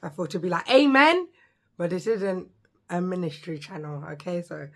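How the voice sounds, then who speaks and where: A woman in her thirties, a social worker, introducing her vlog channel in an excitable, chatty, joking way, with a voice she says sometimes gives out. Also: fairly low pitch, brisk.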